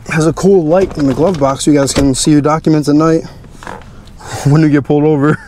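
A man's voice: a little high, steady tone, normal speed, a little mellow, slight background noise. A young man hosting a car channel, giving an easygoing, chatty walkthrough of his car's features.

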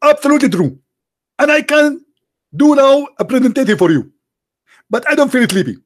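A man's voice: very high-pitched, big pitch swings, moderate pace, pitched above the performer's own voice. A man doing a pompous, emphatic preacher. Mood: insistent. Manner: emphatic, declaiming every answer as certain. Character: pompous male preacher, insistent and overconfident.

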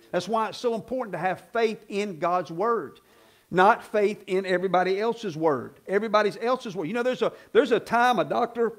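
A male pastor preaching a sermon in an animated, conversational way, often asking "Amen?" and acting out other voices. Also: high voice. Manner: acts out quoted voices.

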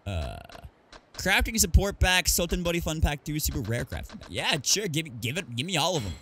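A man's voice: fairly high pitch, big pitch swings, brisk, fairly bright tone, a little hiss or hum. A man streamer chatting casually over gameplay, reading item names aloud and joking about the game.

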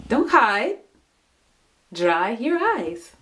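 A young woman chatting casually into her home camera, scattered and self-mocking, swinging from loud bursts to low mutters. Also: sing-song, very slow, a little hiss or hum. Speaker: vlogger. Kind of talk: casual vlog chat.

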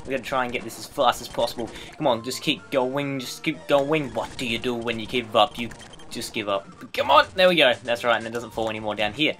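A man's voice: mid-range voice, lively intonation, fast talker, fairly bright tone, faint music behind. Goofy man commentating a video game. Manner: goofy, joking, rambling. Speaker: let's play host. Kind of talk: casual gameplay commentary.

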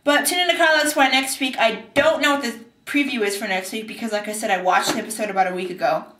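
A bubbly young woman chats through a TV episode recap, acting out scenes in silly voices. Her voice sits high and bright. It rings in an echoey bathroom. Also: fairly even intonation, fast talker, distant mic. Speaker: TV recap vlogger. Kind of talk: casual TV recap vlog. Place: bathtub.

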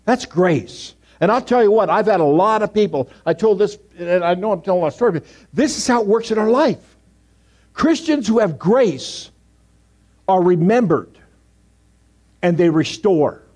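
Storytelling pastor with dramatic hushed asides. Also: male voice, sits high, expressive, normal speed. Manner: storytelling, swings from loud emphasis to hushed asides. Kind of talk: sermon. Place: church sanctuary.

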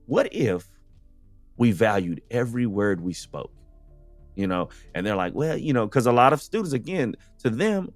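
A man's voice: medium pitch, dry recording. A man from the United States, a podcast guest, speaking in a casual, earnest conversational way and often saying "you know".

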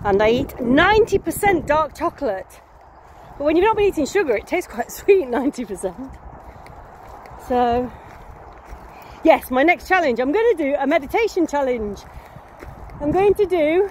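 A woman in her fifties with a Nottingham English accent, rambling playfully to her phone as she walks a country lane. Her voice sits high, with a sniffly edge. Faint outdoor noise hums behind her. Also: expressive, normal speed, pauses often. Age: 50s. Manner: chatty, whimsical, playful with made-up words. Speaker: vlogger. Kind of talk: casual rambling chat to camera.

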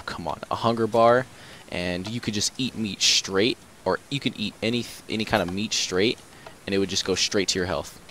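A young man chatting casually while playing a game online, joking and laughing a lot. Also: slight background noise. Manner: excitable, joking, laughs a lot, big pitch jumps. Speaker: gaming YouTuber. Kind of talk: casual gaming chat.

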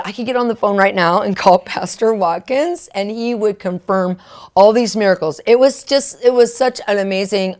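A woman preaching and telling a story in an excitable, animated way, breaking into shouted exclamations. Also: mid-range voice. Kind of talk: storytelling sermon.

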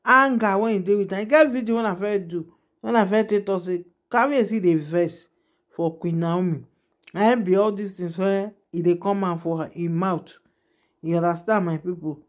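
At a moderate pace and in a mid-range voice, a woman with a Nigerian Pidgin accent delivers chatty gossip commentary as a vlogger. She repeatedly turns to her viewers with asides, addressing them directly.

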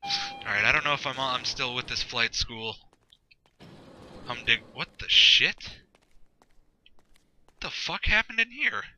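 A man's voice: mid-range voice, big pitch swings, measured pace, long pauses, pushed and bright, slight background noise, rough recording. Swearing, sarcastic man commenting on a game. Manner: rambling, sarcastic, swears a lot, talks to himself. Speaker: gameplay video host. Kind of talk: casual gameplay commentary.

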